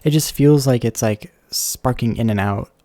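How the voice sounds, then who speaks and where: A man's voice: medium pitch, moderate pace, mellow, dry recording. A man chatting casually on a live stream, rambling and thinking aloud with lots of fillers and self-corrections, close to a desk microphone.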